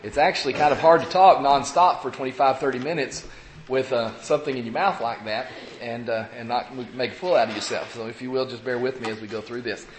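Preacher, man in his fifties, mid-pitched, getting over a cold and talking around a cough drop, folksy and halting, pulpit mic in an echoey church with faint ambient noise. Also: fairly even intonation. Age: 50s. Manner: halting, many fillers and restarts, folksy. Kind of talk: evening sermon to a congregation. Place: church sanctuary. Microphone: pulpit microphone.

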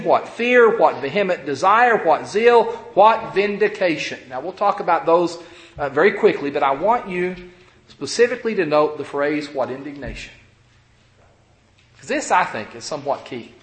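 A man preaching a sermon, swinging between loud, stressed phrases and quiet, low asides. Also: reverberant.

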